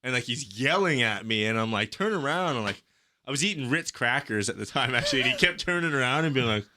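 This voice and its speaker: Bright-voiced man telling a wild story. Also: medium pitch, quick pace, dry recording. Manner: swearing, animated storyteller. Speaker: podcast co-host. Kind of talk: casual chat.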